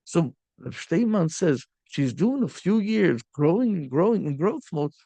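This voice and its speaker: Rabbi preaching: male, high and gravelly, animated storyteller, dry close sound. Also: a little slow, no echo. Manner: animated storyteller, mixing in Yiddish and Hebrew terms. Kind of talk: sermon storytelling.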